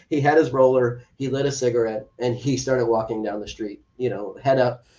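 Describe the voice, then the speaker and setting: In this interview, a podcast guest who is an adoptive father shares a heartfelt personal story and performs the lines of quoted dialogue. His medium-pitched voice is warm and steady, at a moderate pace. The recording is distant and a bit dull.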